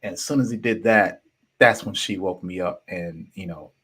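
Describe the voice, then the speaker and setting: This young adult man hosts a podcast with a low, husky voice at a moderate pace. He tells a personal story in an animated, slangy way, swearing and laughing now and then, and reads chat comments aloud.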